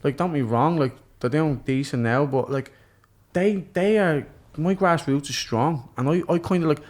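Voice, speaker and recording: A man's voice: on the high side, moderate pace, a little mellow. A young Irish man in his twenties, a boxer guest telling stories in casual podcast chat, full of fillers and swearing. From Ireland.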